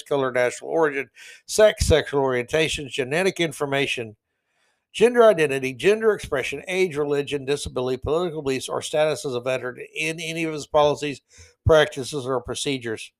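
A male podcast host delivers opinion commentary in a blunt, indignant way. He reads out news items and breaks off into sarcastic jabs. His voice sits somewhat high for a man.

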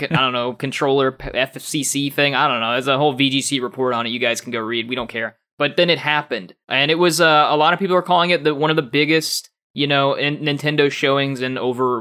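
A young man co-hosting a casual gaming podcast, animated and laughing often, with lots of fillers and restarts. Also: medium pitch, fast, clear, resonant tone. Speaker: podcast co-host.

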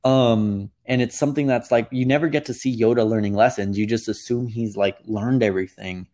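A man's voice: medium pitch, fairly even intonation, a little fast, a little mellow. A young man in casual chat, recapping a show in a rambling way, with many fillers and restarts.

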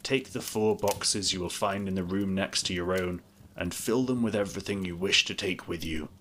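A man voicing a gentle, sorrowful male beast in a storybook reading, speaking slowly and mournfully. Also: low voice, a little hiss or hum. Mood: solemn.

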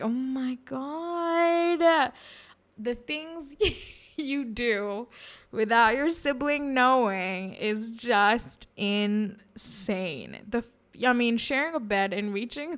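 A woman's voice: a little high, fairly bright tone. A young woman from India talking frankly in a candid personal monologue, laughing often and sounding a bit self-conscious.

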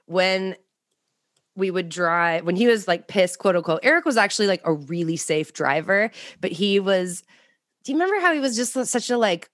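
Lively, animated woman podcast host. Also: on the low side, moderate pace, no room sound, clean studio sound. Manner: animated, laughing, full of fillers. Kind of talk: casual chat.

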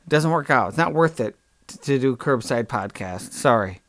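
A man hosts a comic podcast monologue, rambling in a deadpan way and often stopping to correct himself. His voice sits at a middle pitch. He talks close to the mic in a dry room. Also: normal speed, no room sound. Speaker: podcast host.

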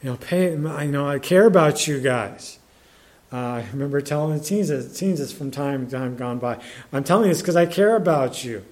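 Preacher, male, slightly higher-pitched voice, loose and chatty delivery full of restarts. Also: darkish tone. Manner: conversational, halting, many restarts and fillers; reads scripture in older English. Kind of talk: sermon.

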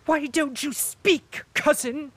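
A man reading an audiobook who voices a spiteful noblewoman, raising his voice high into shrill, hissing outbursts. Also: slow, vocal fry, no echo. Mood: shrieking. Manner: shrieking, hissing, venomous.

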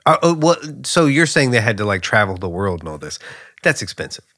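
A man's voice: fairly low pitch, sing-song, brisk, sharp tone, no room sound, clean studio sound. A young man co-hosting a podcast, chatting casually with playful jokes and teasing interjections. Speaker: podcast co-host. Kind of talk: casual chat.

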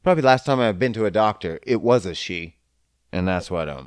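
A man's voice: lowish voice, animated, fairly quick, over music. A man in a casual, profane rant who swears often and slips into mocking voices. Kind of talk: casual ranting monologue.

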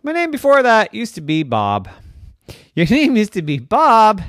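Shelley, a man doing a squeaky little shell-dwelling girl. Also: huge pitch swings, measured pace, fairly bright tone, no echo, studio quality, exaggerated voice. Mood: matter-of-fact. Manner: high squeaky childlike voice. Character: sweet lazy sea creature girl living in a shell.

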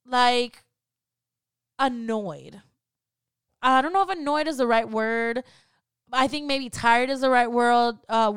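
A woman's voice: high-pitched, a bit bright, clean tone, dry recording, studio quality. A woman in her thirties talking candidly on a faith podcast, conversational and often checking in with "right?". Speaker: podcast co-host. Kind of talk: personal faith talk.

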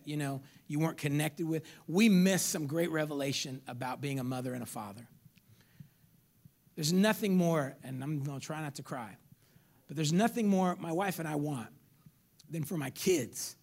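A middle-aged man with a voice on the high side delivers a sermon as pastor. Casual street slang runs through his preaching, which shifts between loud appeals to the congregation and near whispers.

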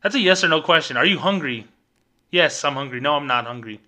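A man's voice: on the high side, expressive, brisk, bright, forceful tone. A middle-aged man ranting sarcastically on a podcast, mocking corporate phrasing with exasperation. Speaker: podcast host, former bank employee. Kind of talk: ranting commentary.

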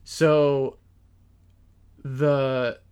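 A man's voice: mid-range voice, flat delivery, very slow, a little mellow, clear, resonant tone. Rambling male podcast host. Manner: rambling storyteller with many restarts. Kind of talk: casual podcast chat.

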